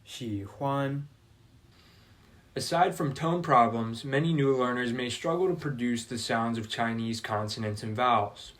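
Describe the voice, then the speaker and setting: Man giving a scripted explainer, dry humor. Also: medium pitch. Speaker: language-learning video presenter.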